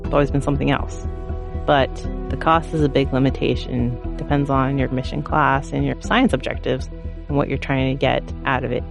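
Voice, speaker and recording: Guy engineer, gravelly, matter-of-fact, music playing under. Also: mid-range voice, flat delivery, moderate pace. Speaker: space engineer. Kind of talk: interview answer. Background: music bed.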